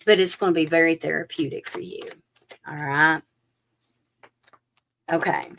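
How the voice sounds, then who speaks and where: A woman's voice: sits low, measured pace, gravelly, a little hiss or hum. A woman giving a chatty live-stream tarot reading, talking straight to her viewers. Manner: chatty, animated, addresses viewers directly with fillers. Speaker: tarot reader.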